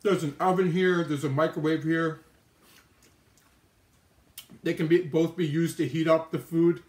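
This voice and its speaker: A man's voice: fairly high pitch, level tone, a little slow, a little mellow, roomy sound. A man hosting a live stream, chatting casually with his mouth full and answering viewer comments. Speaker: livestream host eating on camera. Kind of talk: casual live-stream chat while eating. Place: indoor kitchen with oven and microwave.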